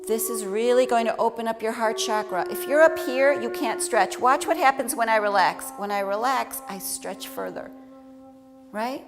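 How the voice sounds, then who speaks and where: Woman yoga-style instructor, slightly high voice, long reverb, music behind. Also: moderate pace. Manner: calm, encouraging cues, demonstrating while moving. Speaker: tantric practice instructor. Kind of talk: guided movement and breathing instruction. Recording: long hall reverb with clear background music.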